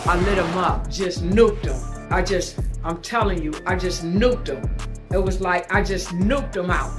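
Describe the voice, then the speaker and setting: A woman telling a comic story in a brash, boastful, animated way. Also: lowish voice, a little slow, over music. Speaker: comedic storyteller.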